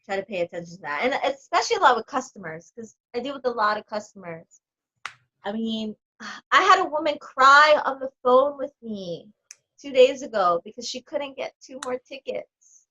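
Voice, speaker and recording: Bright-voiced chatty woman, muffled audio. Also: a little high, moderate pace. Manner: animated storyteller, heavy on fillers. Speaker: podcast guest, coaching client. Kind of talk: casual chat.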